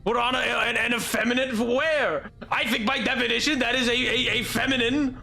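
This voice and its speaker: Young man, very high voice, bright tone, excitable rambling game commentary, faint music behind. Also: moderate pace, vocal fry. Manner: excitable, rambling, laughs often. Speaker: streamer.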